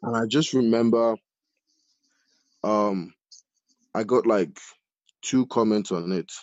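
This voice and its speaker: A man from Nigeria, a chef, telling his story casually in an interview, animated and full of fillers. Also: fairly low pitch, takes it slowly, no echo. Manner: animated, many fillers like "like" and "you know". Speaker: chef, podcast guest. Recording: dull lo-fi audio.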